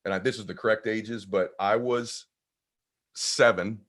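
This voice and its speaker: Energetic storytelling man. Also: on the low side, measured pace. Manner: energetic, conversational, acts out voices. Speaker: guest speaker. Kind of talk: animated storytelling in conversation.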